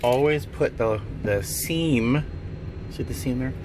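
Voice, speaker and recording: A man talking casually to the camera in a travel vlog, chatty and animated. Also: medium pitch, slow pace, heavy background noise. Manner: chatty and animated, softens to a gentle coo with animals. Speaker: vlogger. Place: outdoors on city streets, then airport and aircraft galley.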